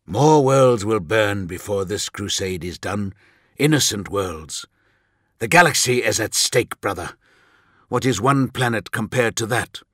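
A man voicing a stern, impatient male warlord who speaks in clipped, forceful lines. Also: lowish voice, expressive, unhurried, no echo, studio quality.

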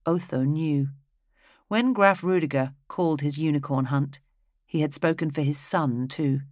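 A narrator reading a fantasy audiobook in a steady, even storytelling manner. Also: mid-range voice, a little slow, no echo, clean studio sound.

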